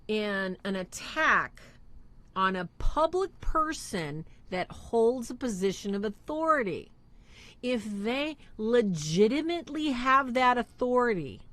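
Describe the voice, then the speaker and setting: Emphatic preachy woman, lively pitch. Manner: emphatic, preachy, rhetorical questions. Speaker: co-host of a faith show. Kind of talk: live-stream religious talk.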